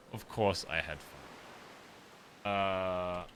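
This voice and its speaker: A man with a low, slightly bright voice chats casually with viewers at the end of a roleplay game stream, with a little background noise. He talks to them directly and keeps checking in, often asking "okay?"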